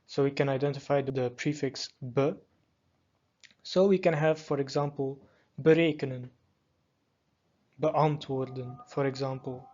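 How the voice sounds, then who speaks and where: Man, mid-pitched voice, language lesson, calm methodical explanation, slightly dull audio. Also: normal speed. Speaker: language teacher. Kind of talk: explaining pronunciation in a lesson video.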